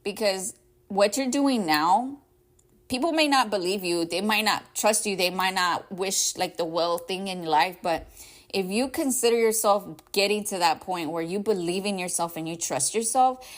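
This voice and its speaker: A woman's voice: mid-range voice, normal speed. A woman hosting a casual advice podcast, talking in a rambling, heartfelt way, sometimes close to tears. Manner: rambling and heartfelt, with many "like", "right?" and "y'all". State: emotional, near tears at times. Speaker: podcast host.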